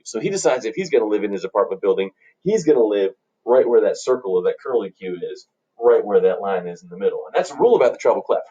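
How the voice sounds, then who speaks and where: A man teaching music by telling a playful story to children, in an animated storyteller manner. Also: mid-range voice, slightly rough, recorded from a distance. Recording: dull lo-fi recording.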